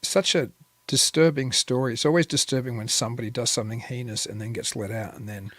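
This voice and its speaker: A man's voice: mid-range voice, fairly even intonation, fast, no room sound. A man hosting a podcast interview, upbeat and chatty, often repeating his words. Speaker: podcast host. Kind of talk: casual interview.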